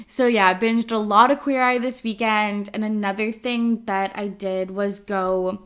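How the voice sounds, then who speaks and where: Speaking at medium pitch with a clean tone, a young woman from Canada chats casually on her own podcast. This solo episode is full of filler words, with casual swearing mixed in.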